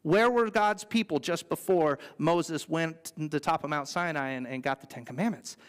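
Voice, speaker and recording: A male pastor with a slightly high, clean-toned voice preaches at normal speed, earnest and conversational, with playful asides. The setting is a church sanctuary, recorded with the long reverb of a church hall.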